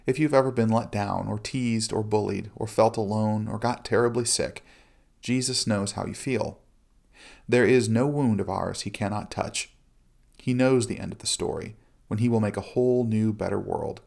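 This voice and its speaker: Guy with a lowish voice, earnest scripted devotional, slow and measured. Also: fairly even intonation, vocal fry, a little mellow. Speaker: Christian speaker.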